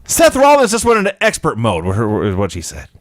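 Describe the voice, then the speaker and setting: A man's voice: a little high, wildly swooping pitch, fast talker, no echo, studio quality. A man co-hosting a casual podcast, scornfully picking apart a wrestling show and mocking its lines. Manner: scornful, mocks lines in loud put-on shouts. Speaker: podcast co-host. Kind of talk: casual profane wrestling review chat.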